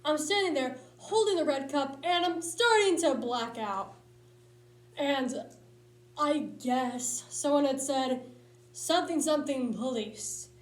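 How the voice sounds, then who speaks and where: A woman performing a comic monologue at a speech tournament, telling a story in a lively, punchy way. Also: sits high, slow, echoey room.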